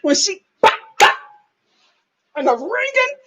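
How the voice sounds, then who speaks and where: Woman hosting a live TV review. High, lively delivery with lots of dramatic retelling. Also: slow, over music. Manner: dramatic, laughing storyteller. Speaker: reality TV reviewer.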